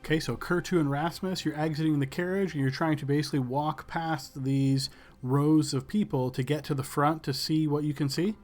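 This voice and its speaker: A man narrating a tabletop game as game master, descriptive and unhurried with many fillers. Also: a little high, steady tone, a little mellow, faint music behind.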